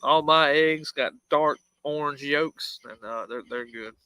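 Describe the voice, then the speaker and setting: A man's voice: a little high, a little slow, sharp tone, clear, resonant tone, no room sound, low-quality recording. A man in casual chat, blunt, salty and rambling.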